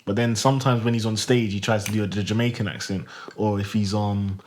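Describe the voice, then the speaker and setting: A man's voice: fairly low pitch, fairly even intonation, a little hiss or hum. A young man co-hosting a podcast, chatting in an easygoing, slangy way. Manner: easygoing, quick to laugh, slangy. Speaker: podcast co-host. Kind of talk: casual chat.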